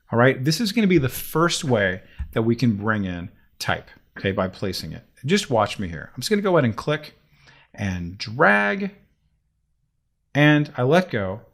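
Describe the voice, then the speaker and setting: A man walks through a software tutorial as he works, chatty and animated and thinking out loud. His pitch jumps around a lot, and his voice has a gravelly texture. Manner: chatty and animated, talks himself through each step. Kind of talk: screen-recorded software tutorial.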